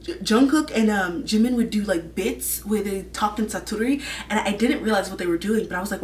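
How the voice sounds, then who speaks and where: A woman's voice: fairly low pitch, fairly quick, reverberant, recorded from a distance, slight background noise. A young woman hosting a vlog, chatting casually and gushing in a rambling way full of "like" fillers. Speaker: vlog host. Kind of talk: casual chat.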